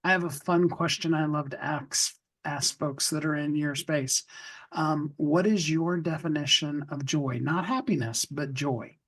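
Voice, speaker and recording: Relaxed, reflective man hosting a podcast. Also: on the high side, a little slow. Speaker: podcast host. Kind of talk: casual interview talk.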